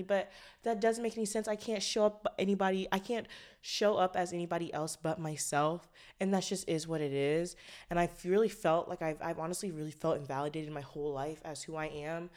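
Woman with a lowish voice, rambling podcast chat. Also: steady tone, a little fast, darkish tone. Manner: rambling, profane, frequent sighs and fillers. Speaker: podcast host. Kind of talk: casual solo podcast chat.

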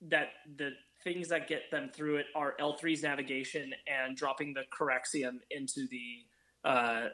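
A man's voice: mid-range voice, level tone, a little slow, sharp tone. A man in a casual film podcast discussion, laying out his opinions at length with frequent restarts. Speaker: podcast co-host.

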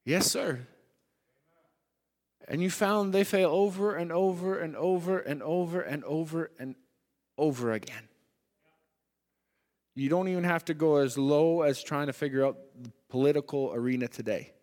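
A man preaching a sermon in a church hall, swinging between loud emphatic lines and hushed ones. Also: on the high side, normal speed, long pauses. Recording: long hall reverb.

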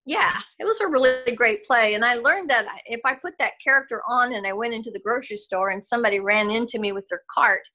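An older woman talking on a video call as an interview guest, reflective and halting, laughing often. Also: on the high side, pushed and bright. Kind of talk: casual interview conversation.

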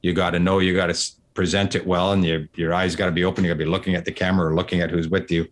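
A man's voice: sits low, level tone, very fast. A middle-aged man, a sportscaster guest, talking earnestly and at length in a casual conversation, often restarting his phrases.

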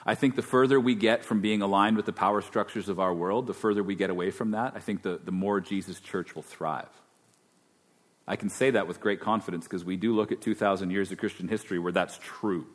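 A man's voice: lowish voice, fairly quick. A man preaching a sermon as pastor, conversational and then emphatic. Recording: long hall reverb.

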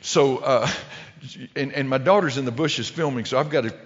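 A man's voice: medium pitch, normal speed. A middle-aged man telling a humorous story to a live audience, rambling and restarting his sentences often. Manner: rambling, with many restarts and stumbles. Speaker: public speaker telling a story. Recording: lo-fi recording with long hall reverb.

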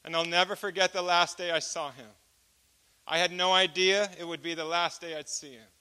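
High, bright-voiced man preaching a testimony. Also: fairly quick, smooth. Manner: animated storyteller who acts out dialogue. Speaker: speaker giving a testimony.

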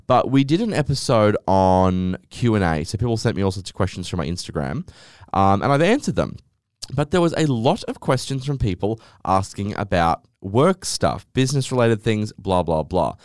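A man's voice: fairly low pitch, dry recording, clean studio sound. A man hosting a casual solo podcast, telling rambling stories in a sassy, swearing way. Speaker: podcast host.

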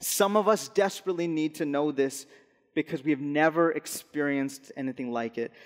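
A young male pastor with a fairly high voice preaches earnestly in a church hall, slowing down and softening on key phrases. Long hall reverb surrounds his delivery.

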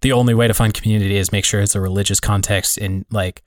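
Man, podcast co-host, low voice, reflective, rambling, dry recording. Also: steady tone, fast talker, no room sound. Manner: reflective, rambling, many fillers. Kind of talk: casual conversation.

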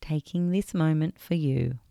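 A woman leading a guided meditation, speaking in a gentle, soothing and unhurried way with long pauses. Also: low-pitched, creaky, no room sound, clean studio sound. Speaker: meditation guide and podcast host.

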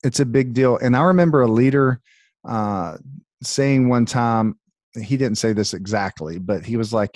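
A man's voice: medium pitch, moderate pace, a little mellow, no room sound. Southern US male podcast host; chatty, filler-heavy, friendly delivery; dry recording. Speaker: podcast host and business leader. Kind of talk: casual podcast conversation.

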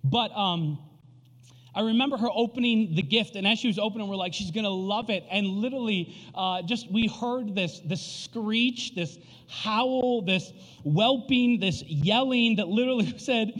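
A man in his thirties preaching a sermon, telling a family story in an animated, casual way with frequent fillers. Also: high voice, unhurried. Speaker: pastor. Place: church sanctuary. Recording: long reverb of a church hall.

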